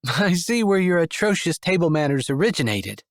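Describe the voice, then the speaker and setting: A male narrator voicing a wry, lightly teasing young woman in an audiobook, with his voice raised well above its usual pitch. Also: sing-song, moderate pace, no echo, studio quality. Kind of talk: audiobook character voice.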